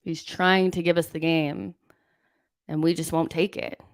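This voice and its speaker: A young woman hosts a live football watchalong, reacting in exasperation and reading viewer messages aloud. Her voice sits fairly low. The sound is close and dry. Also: flat delivery, a little slow, creaky, dry recording. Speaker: host of a football watchalong stream. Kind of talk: live watchalong commentary and chat.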